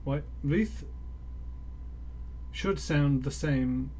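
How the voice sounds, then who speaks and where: A man's voice: fairly high pitch, extremely slow, warm tone, slight background noise. A man streaming a role-playing game, reading its text aloud, stumbling over words and mocking himself.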